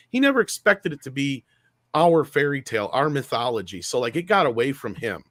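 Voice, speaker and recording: A man hosting a casual podcast discussion, telling stories in an animated way and swearing freely. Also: a little high, a little fast, dry recording, studio quality. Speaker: show host.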